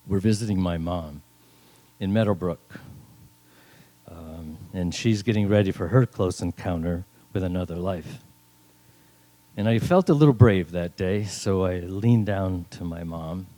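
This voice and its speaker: A man's voice: sits low, measured pace, pauses often, dark tone. An older man from northern New York telling a funny personal story at a live story slam, with dry, wry humor. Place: stage at a live event.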